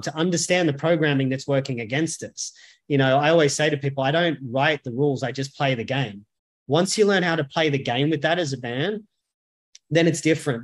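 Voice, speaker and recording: A man, speaking as a men's coach and podcast guest, talking bluntly and emphatically with frequent swearing. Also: mid-range voice. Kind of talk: podcast interview conversation.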